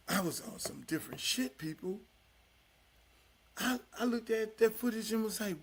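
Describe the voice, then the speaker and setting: Older male podcast host, high bright voice, loud profane monologue with low asides. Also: measured pace, vocal fry, slightly rough. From Miami, United States. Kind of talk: casual profane talk-show monologue.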